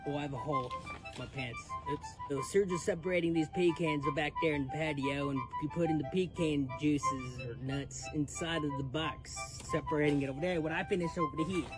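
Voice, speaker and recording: A man's voice: fairly high pitch, fairly quick, rough recording. A young man vlogging outdoors in a backyard, joking playfully with his twin and narrating what he is doing. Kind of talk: casual vlog banter. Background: loud music.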